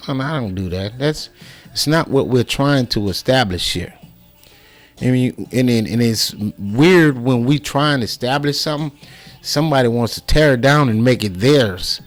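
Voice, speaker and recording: A man's voice: medium pitch, normal speed, soft background music. A man giving impassioned personal commentary, heated and profane, with many restarts and repeated words.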